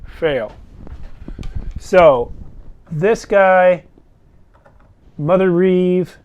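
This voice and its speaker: A man's voice: high voice, extremely slow, darkish tone, lo-fi sound. A man narrating as game master of a tabletop game and calling out dice results.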